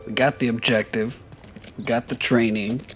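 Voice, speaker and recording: An actor playing a blunt, matter-of-fact former soldier in an audio drama. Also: male voice, mid-range voice, flat delivery, moderate pace, faint music behind, lightly acted.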